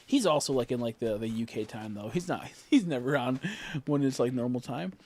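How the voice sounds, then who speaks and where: A man's voice: medium pitch, lively intonation, a little fast, a little mellow. A man streaming a game, chatting casually and rambling with lots of filler words while joking with his chat.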